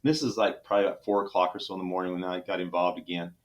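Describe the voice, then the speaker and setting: In an interview, a Texan trauma surgeon in middle age recounts an emotional story with a Texan accent, earnest but halting and full of restarts. His voice is low with fairly even intonation, and the recording sounds muffled.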